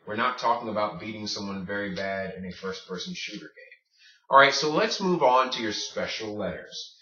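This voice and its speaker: A man's voice: on the low side, pushed and bright, echoey room. Male language teacher, patient drilling delivery, distant dull lo-fi room recording. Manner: drills words slowly, asks "okay?" often. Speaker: Spanish teacher. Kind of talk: video lesson.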